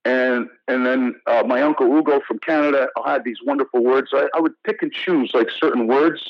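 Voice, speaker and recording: A man from the United States talks through his career as an interview guest, animated and full of restarts. His voice sits at an ordinary pitch. The audio is dry and a bit dull, like a remote call. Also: brisk, no echo. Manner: animated storyteller, many restarts and "you know". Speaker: actor guest. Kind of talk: casual interview storytelling.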